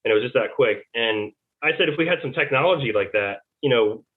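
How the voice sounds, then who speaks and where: A man, a former Navy serviceman, telling his story as a podcast guest in a halting, rambling way. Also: medium pitch, lively intonation. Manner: rambling, halting, retells dialogue. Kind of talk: casual interview storytelling. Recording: tinny phone-like line.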